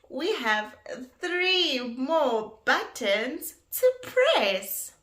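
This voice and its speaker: A woman teaching toddlers in a slow, exaggerated, sing-song way, gasping and making animal sounds. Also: fairly high pitch, sing-song, sharp tone. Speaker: children's educator. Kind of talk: toddler learning video.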